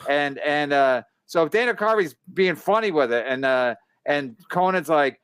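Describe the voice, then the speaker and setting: A man's voice: on the high side, lively intonation, unhurried, hardly any pauses, a bit bright, clean tone, no room sound. A man hosting a casual comedy podcast, ranting and swearing with stammering restarts. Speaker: comedian host.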